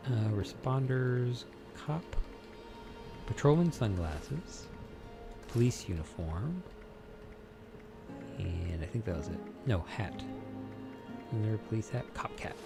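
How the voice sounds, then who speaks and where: Man, gameplay commentary, unhurried, chatty, game music underneath. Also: fairly low pitch, very animated, gravelly. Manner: chatty, muses aloud while reading game menus. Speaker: let's play host.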